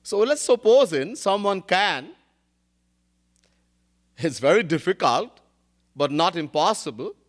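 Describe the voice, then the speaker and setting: A man's voice: high-pitched, very animated, slow, pauses often. A man, a spiritual teacher giving a devotional discourse, telling stories, chanting Sanskrit verses and often laughing.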